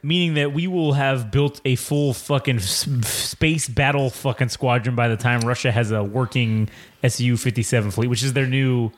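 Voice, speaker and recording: A man's voice: mid-range voice, moderate pace. A man co-hosting a podcast, chatting casually in an emphatic, profane, riffing way. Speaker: podcast co-host. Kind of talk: casual chat.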